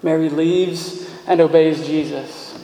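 A man preaching a sermon as pastor, talking conversationally, restarting words and moving between brisk runs and slow, emphatic lines, in a church. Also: a little high, fairly even intonation, mellow, a little hiss or hum. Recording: echoey reverberant hall.

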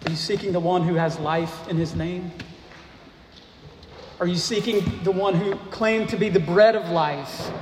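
A man preaching a sermon, speaking slowly and deliberately and asking rhetorical questions of the congregation. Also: sits high. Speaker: pastor. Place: church sanctuary. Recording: echoey hall, faint noise.

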